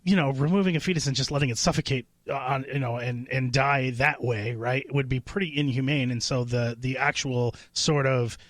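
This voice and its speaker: A man's voice: mid-range voice, fairly even intonation, a little fast, few pauses, dry recording. A man co-hosting a talk radio show, hesitant, with many fillers and frequent chuckles. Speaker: radio co-host. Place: radio studio. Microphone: studio microphone.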